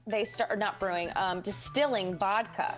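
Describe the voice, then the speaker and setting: A woman's voice: medium pitch, normal speed, faint music behind. A young American woman, a podcast guest, chatting casually and telling stories with lots of fillers. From United States. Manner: chatty storyteller, frequent fillers. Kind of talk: casual chat.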